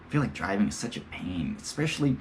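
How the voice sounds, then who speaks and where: A young man with a lowish voice rambles through a casual podcast monologue, his pitch swinging widely from line to line. He talks in loose slang and swears freely, and now and then drops into playful voices. A faint hiss sits under his voice. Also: very animated, quick pace. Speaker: podcast host.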